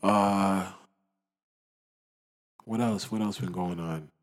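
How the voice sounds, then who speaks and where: A young man from the area, telling stories in a slangy, animated way during a casual chat. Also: low-pitched, slow. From Toronto area, Canada.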